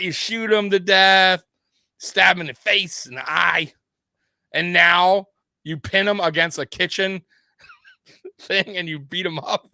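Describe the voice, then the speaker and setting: A man's voice: high voice, bright, forceful tone, dry recording, clean studio sound. A man co-hosting a sports podcast, ranting in casual chat with lots of profanity and laughter.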